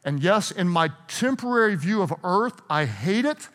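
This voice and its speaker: A middle-aged man preaching a sermon, telling stories in an animated way, restarting and repeating himself. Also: high voice, moderate pace. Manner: storytelling, animated, self-interrupting with repeated restarts. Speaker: pastor. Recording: hall reverb.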